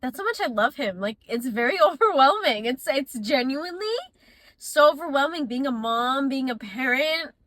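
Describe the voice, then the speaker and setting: Chatty young mom, bright high voice. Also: female voice, lively intonation, normal speed, no echo. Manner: chatty and emotional, swinging between laughter and near tears. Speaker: mom vlogger. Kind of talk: candid confessional vlog.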